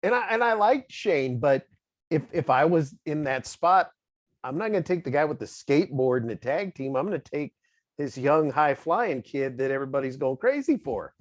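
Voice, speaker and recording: A man hosts a casual wrestling interview, chatting and laughing often as he asks his questions. His voice is a little high with lively intonation at a normal speed. The recording is dry, with dull lo-fi audio.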